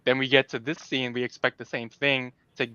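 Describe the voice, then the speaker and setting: A man's voice: medium pitch, flat delivery, brisk, pushed and bright, clear, resonant tone, dry recording, lo-fi sound. A man co-hosting a podcast, talking earnestly and animatedly about a film, often restarting his sentences. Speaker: podcast co-host. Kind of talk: casual film discussion.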